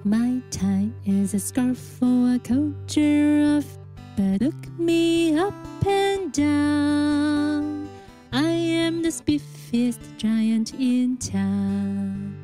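Woman, high mellow voice, slow gentle children's song, soft guitar behind. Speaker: singer. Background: soft guitar accompaniment.

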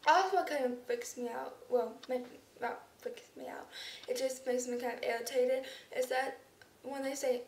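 A woman's voice: sits high, normal speed, a little mellow. A young woman vlogging casually, rambling with lots of ums and restarts, her speech slightly unclear. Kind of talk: casual vlog to camera. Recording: roomy echo, somewhat far from the mic, faint background noise.

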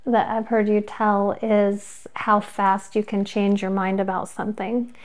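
A woman co-hosting a podcast, speaking calmly and reflectively in casual conversation. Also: mid-range voice, unhurried. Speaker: podcast co-host.

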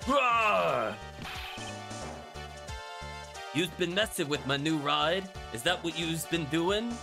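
A man putting on a gruff Brooklyn biker thug. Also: a little high, animated, a little slow, voice pushed up. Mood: threatening. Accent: put-on Brooklyn. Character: loud gruff male biker thug, tough street talk. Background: game music.

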